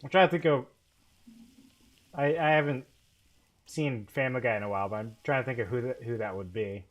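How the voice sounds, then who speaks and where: Chill guy on voice chat during a game, short relaxed replies, ordinary pitch. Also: fairly quick, muffled recording. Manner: laid-back, short easygoing replies. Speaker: co-op gamer. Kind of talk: casual chat while gaming.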